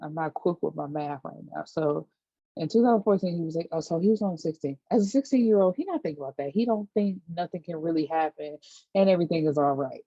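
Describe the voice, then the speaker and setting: A woman vlogger casually recapping a TV episode, chatty and animated, acting out quotes and dropping side comments. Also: sits low, fast talker, no room sound, muffled recording. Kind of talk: casual chat.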